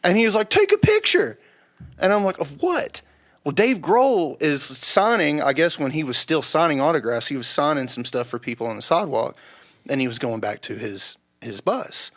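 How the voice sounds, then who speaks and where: Young male podcast guest, upper-middle pitch, very lively, casual and profane storyteller. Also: a little fast. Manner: animated, swears freely, acts out quoted voices loudly.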